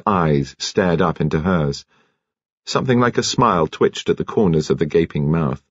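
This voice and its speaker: A man narrating a mystery novel in a measured, expressive storytelling voice. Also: sits low, husky, dry recording, dull audio. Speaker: audiobook narrator.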